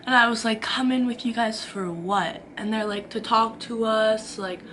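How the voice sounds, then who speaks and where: A woman's voice: on the high side, fairly even intonation, normal speed, fairly bright tone, a little hiss or hum. Chatty young woman telling a story. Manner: chatty and dramatic, acts out quotes. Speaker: vlogger. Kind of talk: storytime vlog. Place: her own room.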